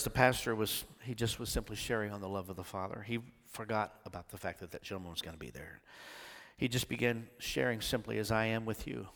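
Bright-voiced preacher man in a big echoing hall. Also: fairly low pitch, gravelly. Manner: storytelling preacher, swells from soft to shouting. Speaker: pastor. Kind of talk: sermon. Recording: long church hall reverb.

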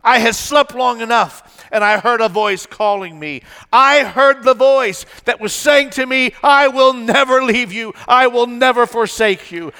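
A man's voice: very high voice, pushed and bright, clear, resonant tone, exaggerated voice. A man voicing the risen Lazarus as he recounts hearing the call, in fervent testimony. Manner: fervent testimony, repeating phrases.

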